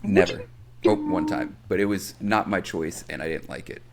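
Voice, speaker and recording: A man co-hosting a podcast who trades crude jokes in loose, casual chat. His pitch swings widely and his voice has a gravelly fry. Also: wildly swooping pitch, normal speed. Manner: joking, crude banter. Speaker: podcast co-host.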